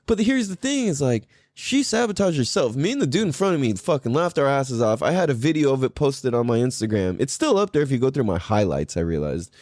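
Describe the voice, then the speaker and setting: A man hosting a podcast, telling a story in a casual, profane and animated way. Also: mid-range voice, brisk, hardly any pauses, no echo, clean studio sound. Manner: animated, profane, laughing often. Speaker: podcast host.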